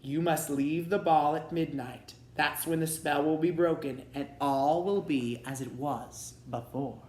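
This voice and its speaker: A man voicing a small, kindly, absent-minded fairy godmother with a gentle singsong manner, in a roomy echo. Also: fairly high pitch, steady tone, measured pace, few pauses, natural voice.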